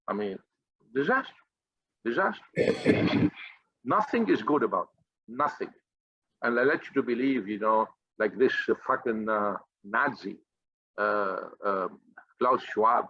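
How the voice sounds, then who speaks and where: A man's voice: medium pitch, husky, no echo. A man leading a finance group, giving a blunt, profane and combative motivational rant. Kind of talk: impassioned motivational monologue. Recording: dull, slightly lo-fi dry recording.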